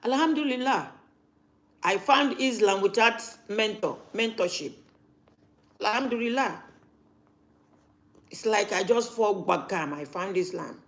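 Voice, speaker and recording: A woman's voice: medium pitch, lively intonation, a little slow, long pauses. A woman, talking casually to camera as a vlogger and repeating her points for emphasis.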